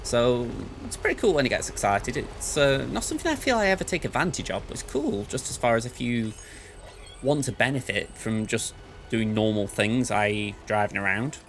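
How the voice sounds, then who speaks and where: Guy doing let's play commentary, chatty and goofy, talks to himself as he plays, mid-pitched voice. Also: expressive, normal speed, slight background noise. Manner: chatty, thinks aloud; playful, self-described goofball. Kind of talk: gameplay commentary.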